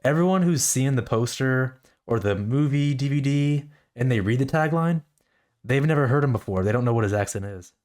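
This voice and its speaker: A man's voice: medium pitch, animated, normal speed, darkish tone. A man co-hosting a podcast in casual chat, easygoing and thinking aloud as he goes. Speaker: podcast co-host.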